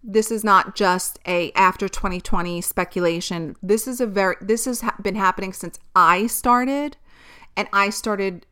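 A woman's voice: medium pitch, moderate pace, bright, forceful tone, smooth. A young adult woman influencer giving blunt, profane, exasperated commentary in a casual vlog.

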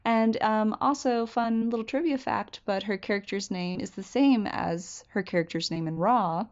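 A woman's voice: mid-range voice, normal speed, darkish tone, dull audio. A woman co-hosting a film podcast, chatting casually with many fillers and reading from notes. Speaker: podcast co-host.

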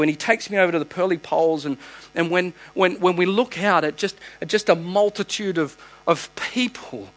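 A man's voice: high voice, a bit bright, low-quality recording. An Australian man preaching a sermon as pastor, emphatic, with repeated phrases and restarts.

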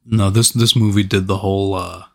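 A man with a somewhat low voice co-hosts a casual movie review chat. He talks in a wry, dry way, joking at the film's expense, and his voice often trails off quietly. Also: fairly even intonation, a little fast, creaky. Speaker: podcast co-host.

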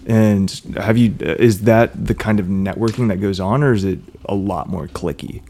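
Casual co-host, mellow, slightly low voice, easygoing and rambling. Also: male voice, normal speed, creaky, a little hiss or hum. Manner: laughs often, rambling questions. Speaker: podcast co-host. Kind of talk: casual podcast chat.

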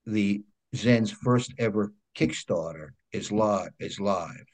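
A man with a New York accent, a guest telling lively anecdotes in a casual interview and often checking in with "right?". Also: on the low side, slow pace. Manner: animated anecdotes, frequent "right?" check-ins. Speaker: guest, comic book creator.

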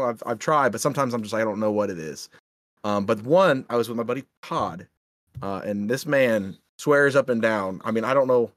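A young man co-hosting a podcast, casually telling animated ghost stories and swearing freely. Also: fairly low pitch, dry recording, studio quality. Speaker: podcast co-host.

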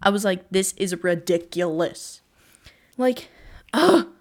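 A woman's voice: medium pitch, lively intonation, unhurried. A teenage girl hosting her own podcast, chatting casually and gushing with lots of exclamations. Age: teens. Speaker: podcast host. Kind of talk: casual solo chat.

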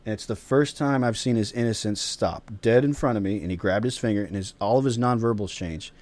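A man's voice: fairly low pitch, a little fast, a little mellow. A man hosting a round-table talk, telling reflective stories about his young son. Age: father of a young child. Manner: storytelling, reflective. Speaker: podcast host.

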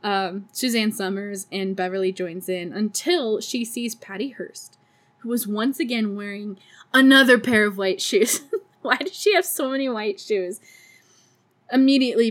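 A woman's voice: medium pitch, normal speed. A woman hosting a podcast, recapping a movie casually, laughing often and swearing freely. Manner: giggly, laughs often between sentences. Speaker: podcast host.

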